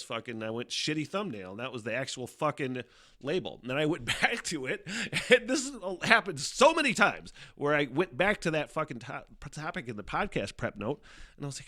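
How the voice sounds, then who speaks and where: A man's voice: medium pitch, big pitch swings, a little fast, bright, forceful tone, no room sound, studio quality. Profane, rambling male podcast host. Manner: profane, rambling, self-mocking, laughs often. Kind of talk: casual solo live-stream podcast. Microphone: headphones on, desk mic.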